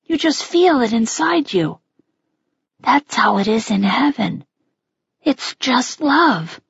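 A woman's voice: on the high side, big pitch swings, slow, creaky, breathy edge, dry recording, muffled recording, full character voice. A woman whispering as a tired, tender mother. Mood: soothing, weary. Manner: soft, soothing hush. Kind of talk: whispered role-play.

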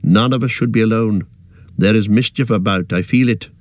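A man voicing a noble male ranger who speaks in a grave, measured and commanding way. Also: fairly low pitch, no echo, lightly acted. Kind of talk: audiobook character voice.

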